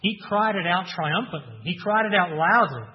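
Earnest male preacher, slightly high, booming then hushed; dull recording in a big echoing church. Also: expressive, moderate pace. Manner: earnest preaching, rising loud for emphasis, dropping soft for weight. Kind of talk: sermon. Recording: dull sound with long hall reverb.

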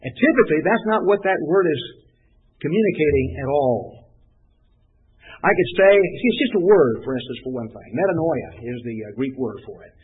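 A man's voice: fairly high pitch, a little fast, breathy edge. A man preaching a conversational sermon, who keeps asking rhetorical questions and hammers his points home. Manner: rhetorical questions, animated and emphatic. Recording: tinny phone-like sound.

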